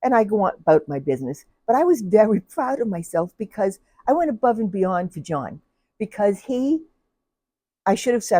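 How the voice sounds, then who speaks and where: A woman's voice: medium pitch, very animated, moderate pace, warm tone, no room sound. An older woman, a retired telephone operator, telling her work stories in a chatty way, laughing often and acting out the people she dealt with. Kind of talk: casual personal storytelling.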